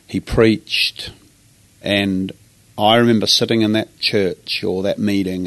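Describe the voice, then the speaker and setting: A man's voice: lowish voice, measured pace, dry recording. A man with a New Zealand accent, a pastor telling his life story earnestly in an interview. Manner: earnest, animated when acting out his younger self. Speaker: pastor, guest. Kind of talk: personal storytelling. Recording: dry close sound.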